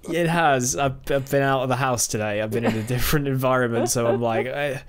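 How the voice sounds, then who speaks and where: A young man in his twenties talks loosely on a podcast, cracking jokes and wandering off on tangents. His voice sits at an everyday middle pitch, and he trips over his own words with plenty of fillers and restarts. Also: a little fast. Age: 20s. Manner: joking, rambling, full of fillers and restarts. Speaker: podcast co-host. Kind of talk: casual chat.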